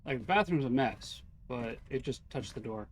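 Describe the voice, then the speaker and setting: A man's voice: medium pitch, animated, normal speed, slight background noise. A middle-aged man streaming a ghost-hunting game live, chatting casually and playfully calling out to the ghost over and over. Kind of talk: casual live gameplay chat.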